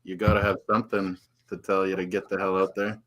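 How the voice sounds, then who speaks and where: A man's voice: deep voice, little pitch movement, fast talker, a bit bright. A Canadian man co-hosting a casual football chat, joking and laid-back.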